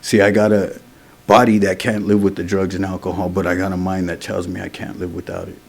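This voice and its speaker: A man's voice: low-pitched, flat delivery, a little fast, vocal fry, slight background noise. A man speaking at a recovery meeting, telling his own story in a candid, street-casual way. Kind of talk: personal recovery testimony.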